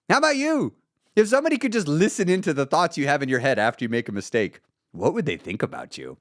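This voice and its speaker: A man's voice: mid-range voice, fairly quick, no room sound, clean studio sound. A man hosting a live stream, talking casually and bluntly with lots of swearing. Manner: blunt, profane, animated. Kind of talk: casual motivational talk.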